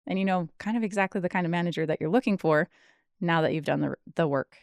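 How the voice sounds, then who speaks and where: A woman career coach talks straight to her listeners in a solo podcast, excited and encouraging and a little short of breath. Her voice sits fairly low and sounds smooth and resonant. The recording is close and dry, with no room sound. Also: fast talker, dry recording. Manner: enthusiastic, encouraging, slightly out of breath. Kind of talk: solo podcast advice monologue.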